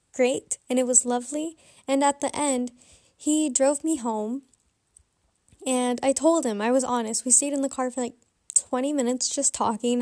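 A woman's voice: high-pitched, a little mellow, dry recording, studio quality. A young adult woman telling a candid, rambling personal story in a casual confessional vlog. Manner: candid, rambling, self-reflective. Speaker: vlogger.

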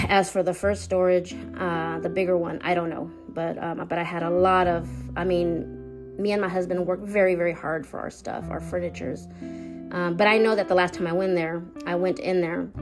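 A woman hosting her own podcast, talking haltingly with many restarts about something personal. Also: lowish voice. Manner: halting, hesitant, full of restarts. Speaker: podcast host.

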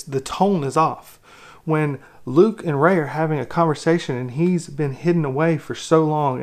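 A man giving an opinionated movie critique, exasperated and ranting, with lots of rhetorical questions. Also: medium pitch. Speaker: film critic.

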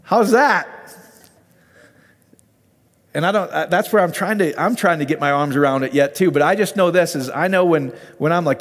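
Animated man teaching scripture in a hall. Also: on the high side, normal speed. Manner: conversational, animated, often asks the listeners questions. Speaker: Bible teacher. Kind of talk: informal sermon.

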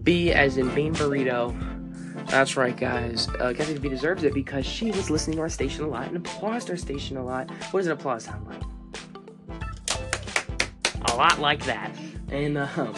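A man's voice: mid-range voice, loud music behind the voice. A young man hosting a fan podcast in a casual, playful, joking way. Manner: playful, joking, quick asides.

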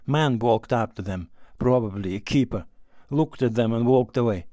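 At a moderate pace and middle pitch, this male audiobook narrator delivers a classic novel as scripted narration, keeping his reading calm and even. The sound is close and dry, free of room echo.

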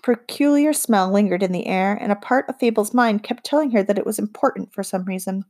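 A woman narrating an audiobook in a calm, measured storytelling voice. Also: medium pitch.

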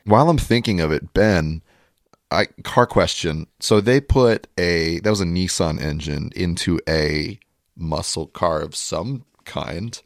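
Very deep-voiced man in a movie chat. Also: measured pace, no room sound, clean studio sound. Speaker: podcast co-host. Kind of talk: casual film discussion.

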